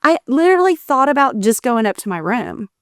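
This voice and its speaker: Very animated and fairly quick, this woman has a high, slightly bright voice recorded dry in a clean studio. Co-hosting a talk show, she chats emotionally and rambles, interrupting herself and restarting what she says.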